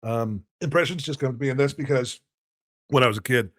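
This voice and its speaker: A man's voice: medium pitch, a little fast, fairly bright tone, no room sound, clean studio sound. A man with a smoker's voice, chatting animatedly as a guest on a podcast. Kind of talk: casual podcast chat.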